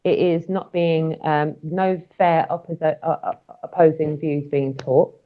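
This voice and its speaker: A woman's voice: low voice, steady tone, measured pace, narrow, tinny audio. A woman speaking earnestly, hesitating with fillers. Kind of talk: casual talk.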